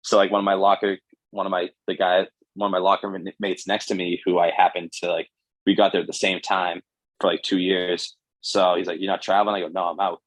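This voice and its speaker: A young man in his twenties, a guest pitcher, telling stories casually and animatedly with lots of "like". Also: brisk, dry recording, rough recording. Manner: animated, fills speech with "like". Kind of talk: casual storytelling.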